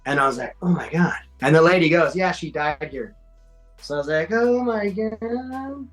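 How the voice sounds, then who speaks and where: Fairly quick and fairly high-pitched with a bit of brightness, this man in his forties spins casual stories as a podcast guest, full of slang, swearing, and quoted voices. The poor audio has faint music underneath.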